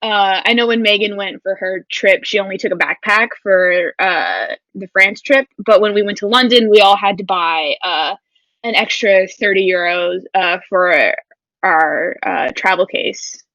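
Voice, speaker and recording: A woman's voice: medium pitch, measured pace, fairly bright tone, dry recording. A young woman and study abroad alumna, chatting casually over a video call with hesitant fillers. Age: young adult. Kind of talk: casual chat. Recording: dry, lo-fi video call audio.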